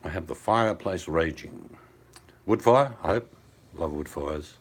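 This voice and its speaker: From his fireside at home, an older man with an Australian accent chats casually on a mobile-data phone video call, rambling in easy, blokey banter as a hangout participant. He speaks unhurriedly in a deep voice, with a touch of hiss or hum on the line.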